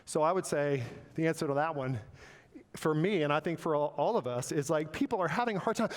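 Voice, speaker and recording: A man preaching a sermon, animated and playful, acting out quoted voices with joking asides. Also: on the high side, moderate pace, big-room sound. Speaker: pastor. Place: church sanctuary.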